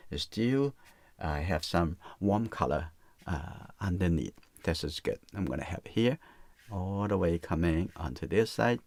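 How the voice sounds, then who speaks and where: Low gravelly man talking through painting. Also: no echo. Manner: relaxed running commentary, repeats "okay, that's good". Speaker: watercolor art teacher. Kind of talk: live painting demonstration.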